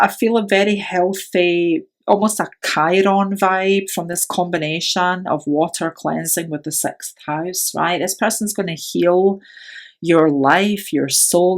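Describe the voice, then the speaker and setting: Woman, tarot reader, slightly low voice, soothing and affirming, keeps asking "right?". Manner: soothing, affirming, often ends phrases with a questioning "right?". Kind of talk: pick-a-card tarot reading.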